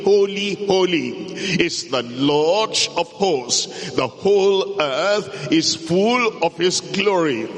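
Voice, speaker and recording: A man preaching a sermon as pastor, reading scripture aloud and building to emphatic, loud preaching in a church hall. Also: fairly high pitch. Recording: long echoing hall reverb.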